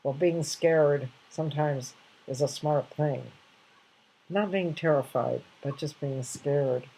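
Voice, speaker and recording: A woman's voice: low voice, slow pace, gravelly, mellow, husky, rough recording. An older woman casually sharing reflective anecdotes, rambling with many restarts and fillers.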